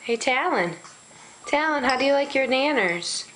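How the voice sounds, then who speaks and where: A woman's voice: high-pitched, lively intonation, moderate pace, crowd noise, rough recording. A woman in a home video, talking baby talk in a sing-song, coaxing voice to her infant. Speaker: parent feeding a baby.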